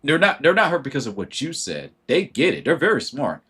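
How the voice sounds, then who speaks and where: Mid-range in pitch with a breathy edge, this livestream host talks a little fast and animatedly. He voices quoted thoughts in different characters and breaks off mid-sentence to greet viewers.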